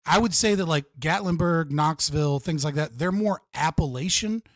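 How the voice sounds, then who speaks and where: A man's voice: a little high, normal speed, no room sound, studio quality. A man on a debate panel, swearing often and leaning on "like" as he argues in casual chat. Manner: profane, lots of "like" fillers. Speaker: panel guest.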